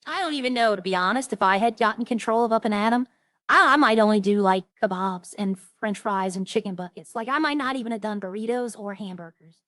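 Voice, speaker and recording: A woman's voice: medium pitch, a little fast, a bit bright, no room sound. A woman chatting casually on a roleplay stream, rambling through funny stories and imitating the people she quotes.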